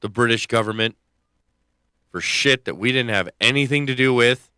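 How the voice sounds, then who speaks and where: A man's voice: medium pitch, normal speed, bright, forceful tone, clear, resonant tone, no room sound, clean studio sound. A man co-hosting a casual podcast, blunt and jokey, swearing often. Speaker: podcast co-host. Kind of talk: casual chat reacting to news clips.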